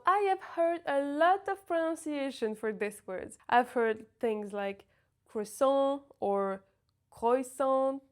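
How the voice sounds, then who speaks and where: A woman teaching pronunciation, sounding out words slowly and carefully to demonstrate each sound. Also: a little high. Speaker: French teacher. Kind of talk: pronunciation lesson.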